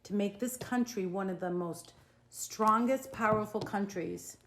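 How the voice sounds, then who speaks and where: A woman's voice: medium pitch, unhurried, reverberant, noisy background. A middle-aged woman with a Boston accent, a guest in a casual political podcast chat, opinionated and emphatic, repeating her points.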